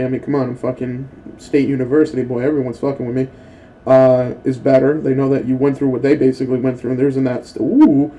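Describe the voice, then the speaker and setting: Over a rough recording, a young man with a mid-range voice delivers profane, rambling gameplay commentary for his gaming channel. He tells stories between moves and performs the quotes in them with plenty of excitement.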